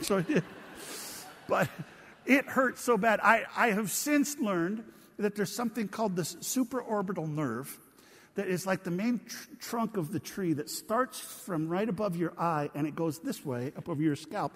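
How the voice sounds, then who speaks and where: A man's voice: high-pitched, moderate pace, husky. A man preaching a sermon, telling funny stories with lots of animation and laughing at his own tales. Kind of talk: humorous sermon storytelling. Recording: long reverb of a large hall.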